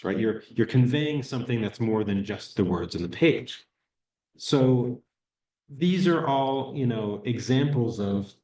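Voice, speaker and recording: A man's voice: mid-range voice, darkish tone, reverberant, low-quality recording. A man giving a talk to a hearing loss support group, explaining research in an easygoing way and often checking in with "right?". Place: meeting room.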